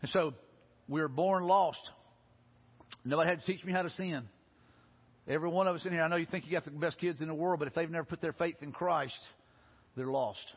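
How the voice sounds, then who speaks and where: Preacher guy, bit high and husky, folksy storyteller, big echoey church, dull lo-fi sound. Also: a little fast, long pauses. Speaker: pastor. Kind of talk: sermon. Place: church sanctuary. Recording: lo-fi recording with long hall reverb.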